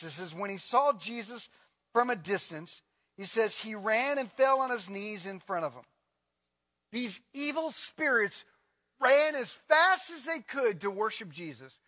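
Male pastor, sermon delivery, bright and forceful, big hall reverb, swings loud to hushed. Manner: impassioned, swings from loud to low.

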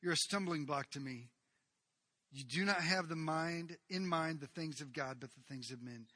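High bright guy preaching, acts out the characters, dry close sound. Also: normal speed, no room sound. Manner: animated, acts out the people in the story. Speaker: pastor. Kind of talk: sermon.

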